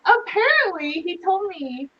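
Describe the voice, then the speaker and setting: A woman's voice: extremely high pitch, sing-song, measured pace, highs cut off, a loud crowd. A woman of thirty, talking casually as a guest, filling her speech with "like" and acting out her stories. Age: 30s. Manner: chatty, fills with "like" and acts out stories. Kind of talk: casual chat.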